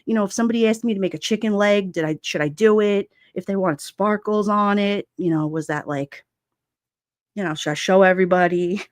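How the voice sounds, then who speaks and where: A woman's voice: medium pitch, fairly quick, no echo, studio quality. A woman hosting a livestream, chatting casually and reading viewer comments aloud, laughing often and slipping into quoted voices. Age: adult with children. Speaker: livestream host.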